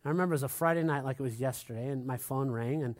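A man's voice: mid-range voice, racing, darkish tone. A middle-aged man preaching a sermon as pastor to a congregation, emphatic and repetitive, often asking for an amen. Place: church hall with a congregation.

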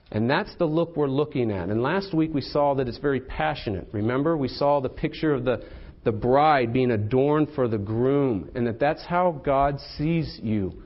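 Male pastor, mid-pitched, chatty sermon delivery full of rhetorical questions, on a slightly dull recording.

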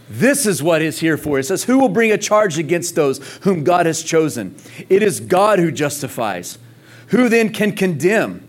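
A man preaching from the pulpit in a notably high voice, full of conviction. He stacks repeated phrases for emphasis and keeps calling on the congregation to say the words with him. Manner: passionate, calls on the congregation to respond; emphatic repetition. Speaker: pastor. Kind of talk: sermon.

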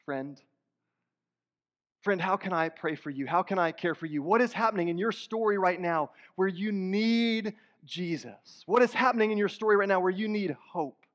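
A man preaching a sermon as pastor, earnest and conversational, with rising emphatic bursts. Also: fairly high pitch. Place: church sanctuary. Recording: dull sound in a hall with long reverb.

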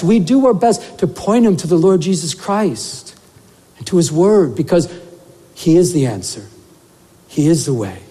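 A man preaching a sermon as a pastor, telling a story in an animated way and saying "you know" often. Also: high-pitched. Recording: long reverb of a church hall.

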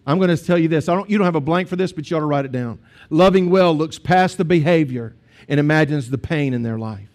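A man's voice: fairly high pitch, quick pace, a little mellow. A man, a pastor preaching a sermon in a conversational storytelling way with asides to the congregation.

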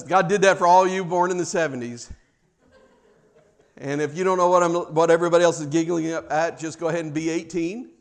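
A man preaching a sermon, dramatic in delivery, rising to loud emphasis and dropping to a hushed near-whisper, with humorous asides. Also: on the high side. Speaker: pastor.

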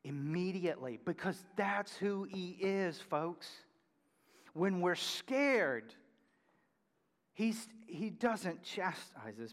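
A man preaching a sermon as pastor, animated, swinging between loud emphasis and hushed near-whispers. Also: high voice, takes it slowly, long reverb tail.

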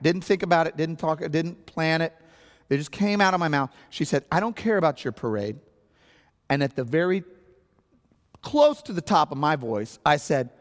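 Animated storytelling pastor, man. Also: a little high. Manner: animated storytelling with loud acted-out outbursts. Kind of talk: sermon. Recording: long hall reverb.

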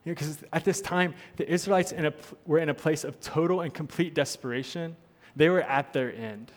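A man's voice: fairly high pitch, fairly quick. A man preaching a sermon as pastor, earnest, repeating his points for emphasis. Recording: long hall reverb.

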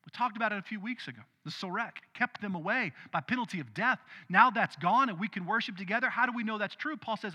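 A male pastor preaching a sermon in an animated, conversational way, with quick asides. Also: high voice, husky, big-room sound.

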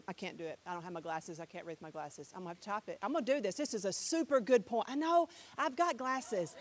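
A woman's voice: mid-range voice, quick pace, hardly any pauses. A middle-aged woman teaching a Bible class, chatty and direct, often repeating herself and putting questions to the class.

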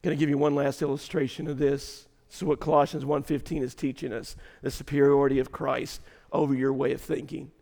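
Fiery preacher in a reverberant hall. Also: male voice, mid-range voice, level tone, brisk, gravelly. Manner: swings between hushed storytelling and shouted emphasis. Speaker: pastor. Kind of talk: sermon. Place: large auditorium.

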